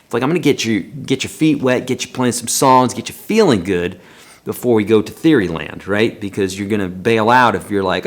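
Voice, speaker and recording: A man's voice: fairly low pitch, brisk. A man teaching a live-streamed guitar lesson, counting beats aloud in a chatty, encouraging way.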